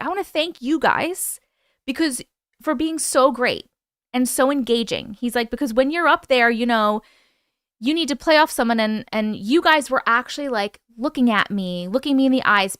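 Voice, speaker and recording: A young woman hosting a casual live-stream chat, excited and chatty, swearing now and then. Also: a little high, clear, resonant tone, no room sound, clean studio sound. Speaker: host.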